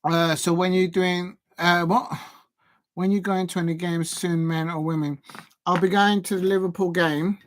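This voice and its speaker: Excitable man commentating a live watch-along. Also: high voice, moderate pace, no echo. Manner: chatty and excitable, jumping to shouts at big chances. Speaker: YouTuber hosting a live football watch-along.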